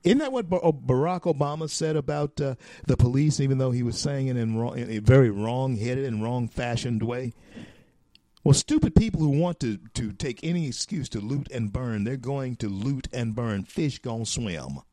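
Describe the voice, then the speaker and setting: A man from the United States hosting a talk show, delivering a folksy, preachy opinion monologue with drawn-out emphatic phrases. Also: mid-range voice, expressive, warm tone, no echo, studio quality.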